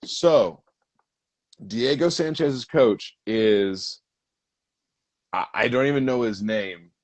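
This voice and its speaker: A man's voice: mid-range voice, slow pace, a little mellow. A man co-hosting a casual podcast, telling a story in a rambling, profane way. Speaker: podcast co-host. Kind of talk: casual chat.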